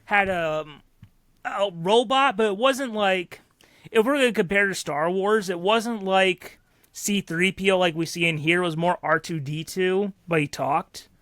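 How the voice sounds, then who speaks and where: High-voiced chatty man podcaster. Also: unhurried, a bit bright, no echo, clean studio sound. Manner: chatty, rambling with fillers and restarts. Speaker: podcast co-host. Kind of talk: casual chat.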